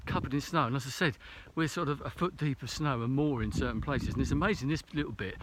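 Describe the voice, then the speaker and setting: A man's voice: mid-range voice, fast, a bit bright, a little hiss or hum. Breathless man hiking through snow. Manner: rambling, self-correcting, hesitant with many fillers. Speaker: vlogger. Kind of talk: casual vlog while hiking. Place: snowy mountain trail outdoors.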